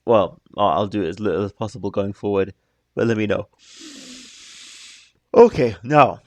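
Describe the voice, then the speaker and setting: A man's voice: fairly low pitch, normal speed, a little mellow, dry recording. A man giving casual reaction commentary on a music video, musing in a stop-start way with apologetic asides.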